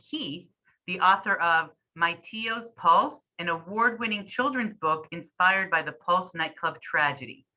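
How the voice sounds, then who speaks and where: Female host, low-pitched and very bright, reading a welcoming intro. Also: poor audio. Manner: formal, welcoming. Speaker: event host.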